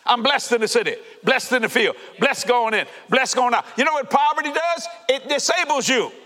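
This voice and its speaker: Fiery high-voiced preacher. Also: male voice, fairly quick. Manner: fervent preaching with shouts and laughter. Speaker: pastor. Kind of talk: sermon. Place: church sanctuary. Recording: reverberant church hall.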